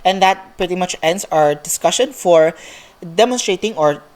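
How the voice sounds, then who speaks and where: A woman teacher giving a recorded lesson to sixth graders, explaining step by step and checking in often with a quick "okay?". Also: on the low side, lively intonation, darkish tone. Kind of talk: recorded online class lesson.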